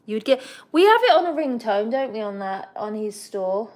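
A woman's voice: on the high side, sing-song, normal speed, a little mellow. Young woman, livestream host, chatty, giggly, talks to her bird. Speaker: pet bird channel host. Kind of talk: casual livestream chat.

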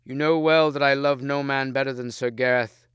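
A man's voice: medium pitch, fairly even intonation, normal speed, fairly bright tone, clean tone, dry recording, studio quality, voice pushed up, close to an everyday voice. A man voicing an earnest noble knight, formal and raised. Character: noble knight, courteous, proud and grieving.

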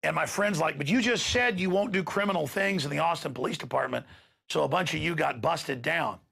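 A man's voice: on the high side, a little fast, vocal fry, fairly bright tone, breathy edge. A man hosting a talk show, giving an impassioned, ranting monologue and acting out quoted exchanges.

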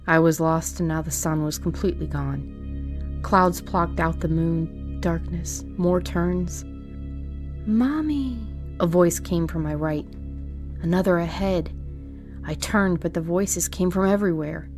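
A woman's voice: lowish voice, fairly even intonation, a little slow, darkish tone, soft background music. A woman narrating a tense horror story in the first person. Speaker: story reader. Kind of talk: scripted narration.

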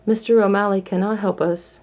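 A woman voicing an elegant, gentle mother cat in a storybook read-aloud, speaking in a polite, refined way. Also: mid-range voice, fairly even intonation, fairly quick, close to an everyday voice.

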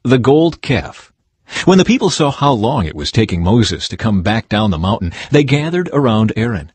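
A man giving a steady, measured scripted reading of a Bible chapter. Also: on the low side, slightly rough, no room sound. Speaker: Bible reader.

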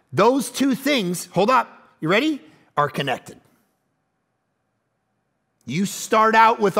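A man's voice: very high voice, unhurried, vocal fry, long pauses. A man in his forties preaching a sermon in a conversational, self-deprecating way and acting out the voices in his stories. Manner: animated storytelling that acts out quoted voices. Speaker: pastor.

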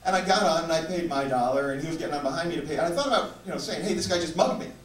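A man performing stand-up storytelling on a theater stage, wry and measured. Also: fairly high pitch. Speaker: stand-up comedian. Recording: echoey live theater from far off, loud noise.

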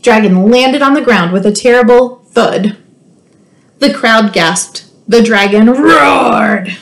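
A woman school librarian reading a children's storybook aloud, expressive and playful, with teasing asides to her listeners. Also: on the high side, unhurried.

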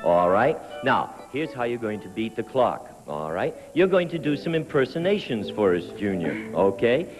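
A man's voice: mid-range voice, darkish tone. A man hosting a 1970s television game show, upbeat and jokey, walking contestants through their stunts on a studio stage. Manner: brisk, jokey, giving instructions to contestants. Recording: 1970s TV studio with long reverb and music.

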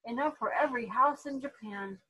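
A woman's voice: on the high side, fairly quick, bright, forceful tone, husky, voice pushed up, low-quality recording. A woman voicing a young boy emperor who speaks in a proud, formal way. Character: young boy emperor, sulky then commanding.

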